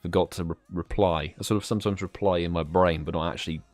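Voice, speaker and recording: Relaxed British man hosting a live stream. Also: low voice, fast, dry recording. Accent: British English. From United Kingdom. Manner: relaxed, chatty, greets chat viewers by name. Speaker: livestream host. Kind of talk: casual live stream chat.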